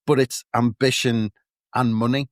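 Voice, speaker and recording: A man's voice: medium pitch, steady tone, a little slow, no echo, clean studio sound. A man with a North East English accent, co-hosting a football podcast in casual, thoughtful chat full of restarts. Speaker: podcast co-host.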